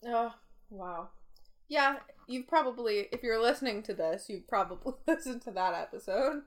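Young woman, podcast host, playful, reads episode intros, high-ish voice. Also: expressive, moderate pace. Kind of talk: casual chat.

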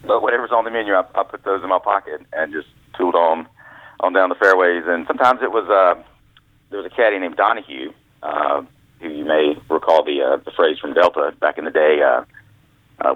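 This is a storytelling phone interview with a man who writes books and used to caddy. He sits low in pitch and talks briskly, wandering through folksy anecdotes with frequent restarts, and the tinny telephone audio has no echo.

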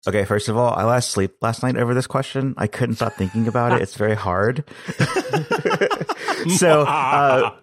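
A man's voice: medium pitch, fairly even intonation, fast, few pauses. A man appearing as a guest on a casual tech podcast, chatty and self-deprecating, with easy laughs.

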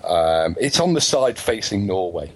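English male co-host, slightly low, husky voice, casual, full of pauses. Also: sing-song, rough recording. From England. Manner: hesitant, lots of ums, explanatory. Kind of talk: casual chat.

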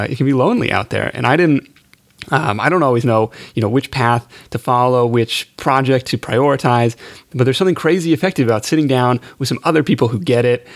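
A man's voice: medium pitch, no room sound. A man hosting a podcast in casual chat, talking in a chatty, self-deprecating way with plenty of fillers. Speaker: podcast host.

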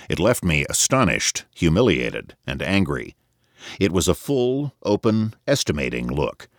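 A man reading a novel aloud as an audiobook narrator, in a measured, expressive storytelling manner. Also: a bass voice, dry recording, studio quality.

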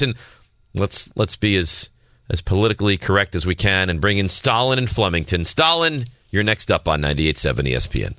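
A man's voice: lowish voice, pushed and bright, no room sound, studio quality. Teasing male sports radio host. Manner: teasing, needling. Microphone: studio microphone.

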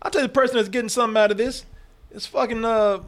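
A man's voice: very high voice, fast. A man co-hosting a casual movie review podcast, swearing freely and laughing as he rants. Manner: animated, profane, laughs often. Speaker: podcast co-host.

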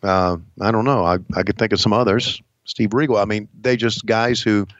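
A man hosting a podcast in casual chat, talking haltingly with many pauses and restarts. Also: on the low side, fairly even intonation, a bit bright, no room sound, dull audio. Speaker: podcast host, wrestling announcer.

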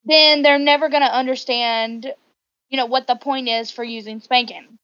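A woman co-hosting a podcast in casual chat, animated and indignant, her voice rising sharply as she makes her points. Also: high-pitched, moderate pace, dry recording. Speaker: podcast co-host. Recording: dull lo-fi recording.

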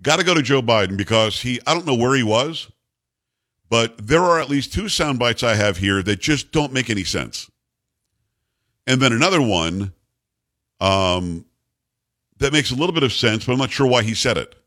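A middle-aged American man from the United States hosts a talk radio show, sarcastic and opinionated, animatedly riffing with his co-host. His voice is mid-range at normal speed, with long pauses.

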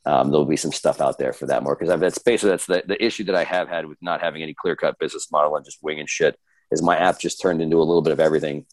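Very deep, fast-talking laid-back man. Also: steady tone, no room sound. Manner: laid-back, swears casually, self-deprecating. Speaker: podcast guest, coach. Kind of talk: casual chat.

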